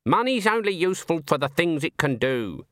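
A man's voice: a little high, big pitch swings, moderate pace, a bit bright, no room sound, clean studio sound, voice pushed up. A man voicing a stern, haughty old woman witch who speaks in a curt, clipped, disdainful way. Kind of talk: audiobook character voice.

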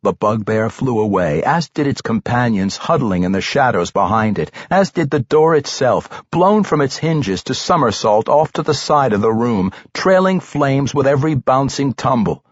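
Husky, expressive male audiobook narrator. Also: medium pitch, normal speed, few pauses, dry recording. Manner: dramatic, expressive reading. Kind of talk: scripted fantasy narration. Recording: dry, slightly dull studio recording.

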